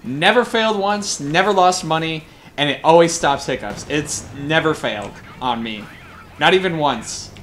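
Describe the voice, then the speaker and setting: A young man from Colorado rambles through excited anecdotes as a game caster, swearing freely in loose, casual chat. His voice sits a little higher than most men's. A faint background hiss runs under the recording. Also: moderate pace. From Colorado, USA. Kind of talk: casual storytelling during a game broadcast.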